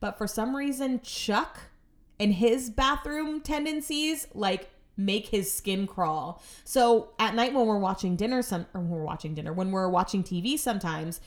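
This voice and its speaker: A woman's voice: mid-range voice, normal speed. A woman telling stories about her home life in a casual monologue, chatty and exasperated, with sarcastic asides.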